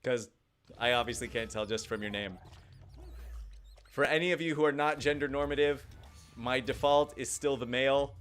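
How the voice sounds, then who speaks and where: A man's voice: mid-range voice, normal speed, pauses often, a bit bright. A young man casually commenting on his game live, thinking aloud and reading viewer chat. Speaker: gaming livestreamer.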